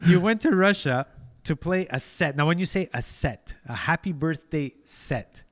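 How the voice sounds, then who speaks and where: A man's voice: fairly high pitch, lively intonation, moderate pace. A man hosting a casual interview, loose and joking, who swears casually. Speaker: host.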